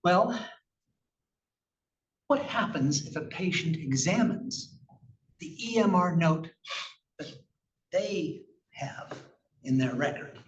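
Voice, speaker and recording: A man's voice: fairly high pitch, lively intonation, slow pace, pauses often. A man giving a conversational, emphatic conference presentation about clinical research with slides, asking rhetorical questions as he goes. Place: conference room. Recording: echoey, distant, muffled room recording with faint noise.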